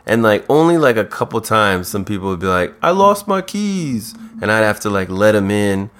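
A man's voice: fairly low pitch, brisk, fairly bright tone, clean tone. A man co-hosting a podcast, recapping a TV episode in a casual, laid-back way and slipping into silly character voices. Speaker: podcast co-host.

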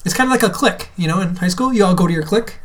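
A man's voice: high-pitched, racing. A man co-hosting a podcast in casual chat, joking and laughing often. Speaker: podcast co-host.

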